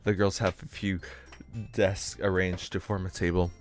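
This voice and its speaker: A man's voice: sits low, level tone, moderate pace. A man streaming a visual novel, reading it aloud with joking, swearing asides.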